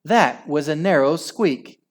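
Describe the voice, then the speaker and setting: A man's voice: a little high, animated, takes it slowly, pitched above the performer's own voice. A man reading a children's story aloud, voicing a scruffy, battle-worn father mouse in a raised, plain-spoken voice. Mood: relieved.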